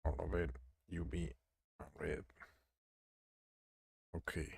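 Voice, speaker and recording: A man live-streaming while he works on a 3D model, exasperated, swearing and talking back to the software. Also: deep voice, little pitch movement, takes it slowly, creaky, breathy edge, no echo, studio quality.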